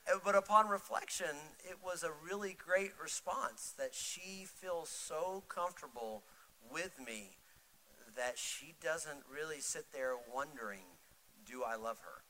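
A middle-aged male pastor preaching a sermon, swinging from loud, urgent pleading to soft, intimate storytelling. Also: on the high side, expressive, unhurried, slight background noise, rough recording.

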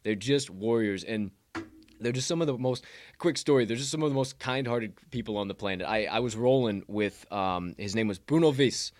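A man's voice: lowish voice, moderate pace, no echo. A man hosting a sports betting podcast, telling rambling stories in casual, profanity-laced chat. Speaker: podcast host.

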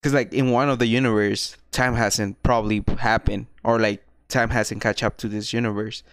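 A man co-hosting a podcast, chatting casually and haltingly, with many restarts and "like"s. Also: on the low side, flat delivery, fairly bright tone, dry recording, clean studio sound. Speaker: podcast co-host. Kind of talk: casual chat.

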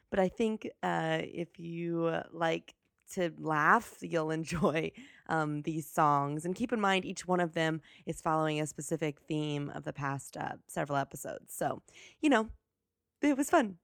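Young woman hosting a podcast, gushy and rambly, kinda low voice with lots of fry, really dry close sound. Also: unhurried, no room sound. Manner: gushing, rambling, playfully over-the-top enthusiasm. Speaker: podcast host. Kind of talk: casual solo podcast intro.

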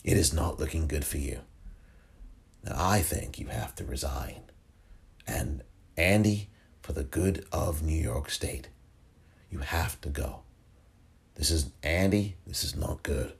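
A man putting on a rough impression of an older male senator, speaking in a hushed, lowered, confiding way. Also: a little slow, pauses often, full character voice. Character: older male senator gently urging a colleague.

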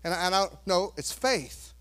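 A man preaching a sermon as pastor, emphatic, firing rhetorical questions and swinging from hushed tones to shouting. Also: high voice, expressive, normal speed.

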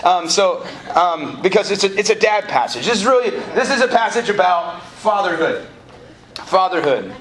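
A man preaches a live sermon to a room of college students, his voice sitting a bit high and carrying through a roomy hall. His delivery is loose and conversational. He cracks jokes and keeps prompting the crowd to call back, with a faint hum of room noise behind him. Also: animated, normal speed, fairly bright tone. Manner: conversational, joking, prompts audience call-and-response. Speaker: college ministry director and preacher. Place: lecture hall or auditorium at a college.

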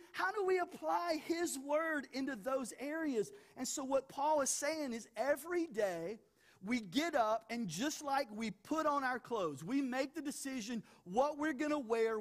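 Animated male pastor preaching. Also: very high-pitched. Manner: animated, with humorous asides; repeats words as he builds points. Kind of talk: sermon.

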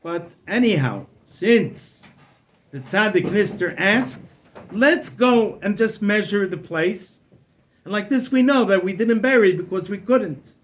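A man telling a story as a rabbi, with animated narration. His voice sits fairly high for a man and swings between loud and hushed passages. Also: slow, a little hiss or hum. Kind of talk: oral storytelling.

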